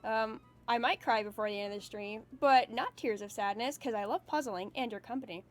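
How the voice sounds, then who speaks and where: A woman VTuber streamer chatting casually on a live stream, excitable and emotional, swearing freely as she reads viewer messages. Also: on the high side, a little fast, soft background music.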